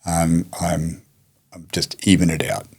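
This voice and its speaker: A man, a podcast guest telling stories in a reflective, unhurried way. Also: sits low, monotone, a little mellow, slightly rough. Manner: reflective, unhurried anecdotes with many restarts. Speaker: martial arts teacher and guest. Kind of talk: storytelling in a podcast interview.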